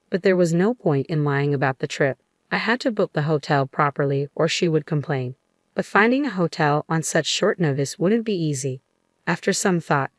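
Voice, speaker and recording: In a measured, even manner, a low-voiced woman tells a dramatic story in the first person. The recording is dry and close-miked, with no echo.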